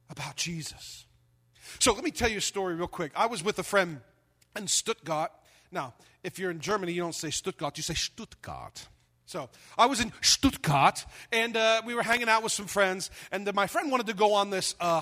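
Bright-voiced preacher telling an animated story. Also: male voice, high voice. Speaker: pastor. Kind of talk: sermon.

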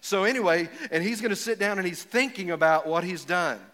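A middle-aged man preaching a sermon with folksy stories, building from quiet reflection to emphatic punch lines. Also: sits high, a little fast. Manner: folksy storytelling, rising to emphatic, builds up to jokes. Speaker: pastor. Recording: echoey hall with long reverb.

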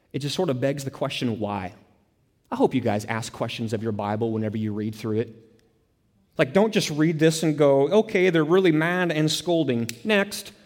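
A man preaching a sermon with emphasis, repeating key phrases and dropping to soft low tones to stress a point. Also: long reverb tail. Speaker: pastor.

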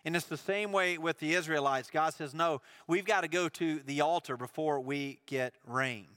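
A man's voice: on the high side, moderate pace, bright, forceful tone, smooth, no room sound. A man preaching a sermon, retelling Bible stories and acting out the dialogue in a casual storytelling way.

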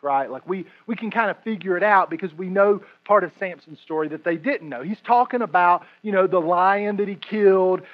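A man preaching a sermon, animated and joking, often repeating his words as he explains scripture. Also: high voice, highs cut off. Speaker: pastor.

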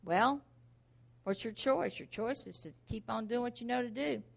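A woman's voice: fairly high pitch, moderate pace, vocal fry. A woman preaching a sermon emphatically, firing off rhetorical questions.

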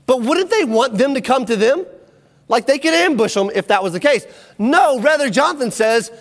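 A very high-pitched man preaches at a moderate pace, his voice trailing a long reverb tail. He retells a Bible story energetically, acting out the quoted lines and asking his listeners questions along the way.

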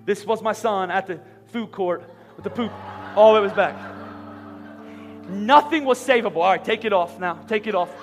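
A man in his thirties from Philadelphia, preaching a sermon in a large church and telling a lively personal story. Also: high voice, normal speed. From Philadelphia, USA. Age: 30s. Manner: animated, rising to near-shouting. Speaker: pastor. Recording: long hall reverb, faint music.

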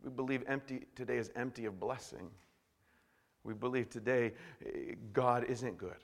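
A man preaching a sermon in an animated way, swinging from hushed to loud. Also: mid-range voice, normal speed, long reverb tail. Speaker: pastor.

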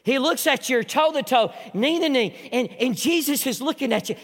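A middle-aged man preaching a sermon as pastor, moving between hushed, slow intimate passages and loud emphatic storytelling. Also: very high voice, expressive, big-room sound.

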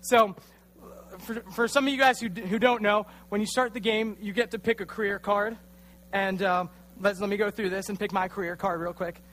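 A twenty-something youth pastor whose voice sits high and a bit bright keeps a steady tone at normal speed. In a church, he gives a casual, self-mocking youth sermon, telling a funny story and acting out what people said.

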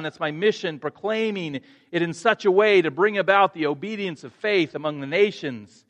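A man's voice: high-pitched, moderate pace, hardly any pauses, fairly bright tone, highs cut off. A male pastor preaching a sermon, earnest, restarting phrases and rising to emphatic points.

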